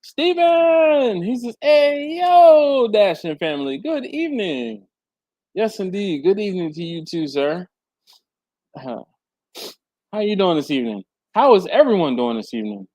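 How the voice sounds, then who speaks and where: A man's voice: normal speed, long pauses, no room sound. A man hosting a casual livestream from a hot garage, chatting and reading viewer comments aloud, laughing often. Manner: chatty, laughs often, lively swings in pitch. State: hot and sweaty. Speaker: livestream host. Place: warm home garage with a fan and air handler.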